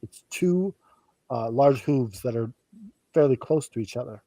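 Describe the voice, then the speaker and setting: A man's voice: mid-range voice, animated, unhurried, dark tone, no room sound. Joking man on a casual podcast. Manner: rambling, joking, laughs often. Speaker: podcast co-host. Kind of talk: casual chat.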